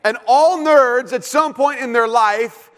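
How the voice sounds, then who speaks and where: A man's voice: very high-pitched, slow, fairly bright tone. A man preaching a sermon as a pastor, casual and joking, with many fillers and restarts, in a church hall.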